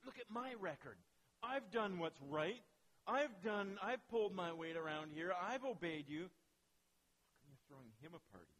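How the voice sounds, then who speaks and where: A man's voice: medium pitch, expressive, normal speed, pitched below the performer's own voice, natural voice, rough recording. A man preaching voices an indignant elder brother protesting bitterly to his father. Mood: resentful. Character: resentful, indignant older brother.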